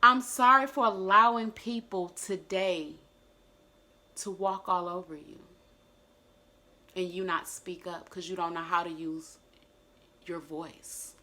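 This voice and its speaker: A young adult woman vlogging a personal reflection, earnest and emotional, sometimes dropping into soft, gentle self-talk. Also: fairly low pitch, steady tone, a little slow, pauses often.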